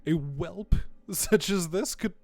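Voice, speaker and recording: A man putting on a gruff, scornful cleric. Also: sits high, slow pace, darkish tone, no echo, faint music behind, full character voice. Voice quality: overdone, slightly Scottish-tinged. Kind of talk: reading game dialogue aloud.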